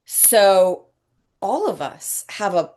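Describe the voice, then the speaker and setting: A woman hosts a podcast with a casual, faith-based conversation, speaking slowly and reflectively and pausing to find her words. Her mid-range voice is sing-song and a little mellow.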